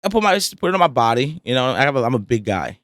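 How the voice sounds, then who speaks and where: A man's voice: medium pitch, very animated, racing, a bit bright, dry recording, studio quality. A young man, a podcast guest chatting casually in a laid-back, slangy, rambling way. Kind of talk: casual chat. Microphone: studio podcast mic.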